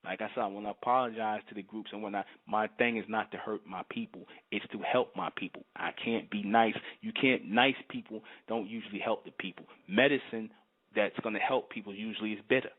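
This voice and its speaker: A fervent man talks in a low voice, emphatic and repetitive. He keeps asking if you understand. The sound is thin and tinny, like a phone line. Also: steady tone, brisk. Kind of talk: fervent monologue to camera.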